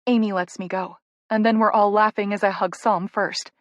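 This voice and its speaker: A woman narrating a first-person romance audiobook in a soft, intimate, emotional way. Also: medium pitch, steady tone, normal speed, no room sound, studio quality.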